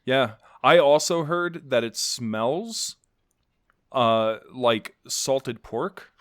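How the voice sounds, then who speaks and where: A man's voice: mid-range voice, very slow, dry recording, studio quality. A man co-hosting a podcast, chatting playfully in character with a rambling, restarting delivery. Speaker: podcast co-host. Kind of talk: in-character casual chat.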